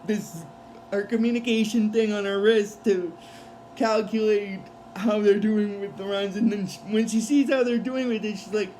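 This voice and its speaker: A man's voice: high-pitched, steady tone, moderate pace, a little mellow, a little hiss or hum, low-quality recording. A man giving a casual episode recap, rambling with many fillers and restarts. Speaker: show recap vlogger.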